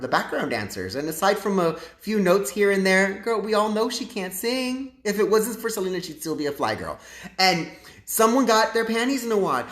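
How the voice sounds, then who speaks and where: A man's voice: sits high, a bit bright. A man hosting a casual livestream and chatting to his viewers in a sassy, campy way. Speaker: livestream host. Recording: echoey room.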